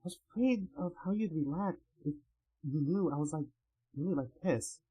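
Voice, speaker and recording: A man reading aloud the lines of a shy, apologetic young female wolf-woman, in a soft and halting way. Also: on the high side, expressive, husky, no echo, rough recording. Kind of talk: reading comic dialogue aloud.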